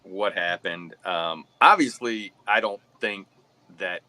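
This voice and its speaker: Low, bright-toned man, measured. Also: a little hiss or hum. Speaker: panelist. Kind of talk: casual commentary chat.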